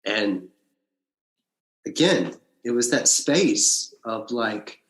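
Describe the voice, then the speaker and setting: A man, an actor and podcast guest, telling his story in a casual interview, with blunt, animated retelling and free swearing. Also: fairly low pitch, very slow. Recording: roomy echo.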